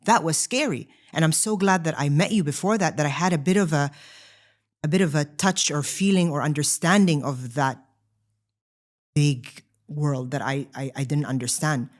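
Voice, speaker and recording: A woman in her thirties co-hosting a podcast, telling her own story in casual chat, animated and full of "like" fillers and restarts. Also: low voice, normal speed. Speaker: podcast co-host.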